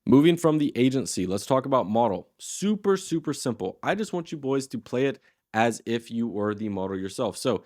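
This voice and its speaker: A man's voice: mid-range voice, sing-song, moderate pace, a little mellow, no echo, studio quality. A man in his twenties teaching a casual tutorial, talking in a loose, slangy and blunt way. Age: 20s. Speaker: course host.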